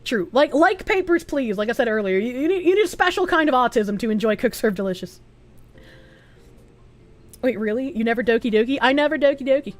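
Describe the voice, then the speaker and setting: A woman's voice: fairly high pitch, lively intonation, brisk. A woman streamer chatting casually, answering viewer chat aloud and swearing freely.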